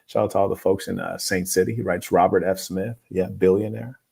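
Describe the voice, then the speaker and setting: Calm, preachy male advice host. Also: low voice, brisk, creaky, breathy edge. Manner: calm, preachy and moralizing, blunt opinions. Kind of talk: relationship advice commentary, reading viewer letters.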